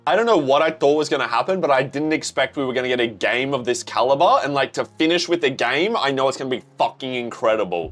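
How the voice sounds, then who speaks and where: A young man with an Australian accent hosts a manga reaction, his voice sitting in a plain middle pitch. He bursts out with excitement, curses freely and reads the pages aloud between his reactions. Faint music plays behind him. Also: fast talker, few pauses. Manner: excitable, swears freely, gushes. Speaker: reaction channel host.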